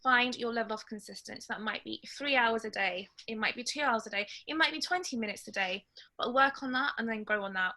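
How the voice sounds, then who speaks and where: A woman giving a webinar talk, blunt and straight to the point, sometimes loud. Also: on the high side, fairly quick. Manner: lively, loud in places. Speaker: webinar guest speaker. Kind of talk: webinar talk on social media strategy.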